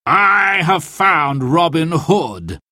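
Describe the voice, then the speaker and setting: A scheming storybook knight who drags every word out slowly and with menace, voiced by a male reader. The delivery is unhurried and the sound is dry and close. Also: medium pitch, sing-song, bright, forceful tone, no echo, full character voice. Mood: menacing. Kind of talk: storybook reading.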